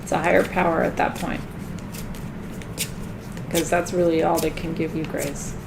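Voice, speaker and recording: A woman doing a live tarot card reading in a chatty way, laughing often and getting loud when she jokes. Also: low voice, steady tone, moderate pace, creaky, background noise.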